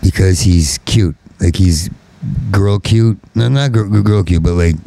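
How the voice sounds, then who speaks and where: A stand-up comedian launches into a profane, rambling rant, stuttering, repeating syllables and swinging into angry shouting. His voice is low-pitched and gravelly, and he keeps a measured pace.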